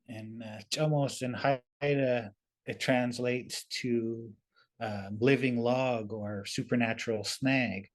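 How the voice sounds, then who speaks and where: A relaxed man telling a story. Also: mid-range voice. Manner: relaxed and conversational, with many fillers like "kinda". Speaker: storyteller and webinar presenter. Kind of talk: casual oral storytelling. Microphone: video call.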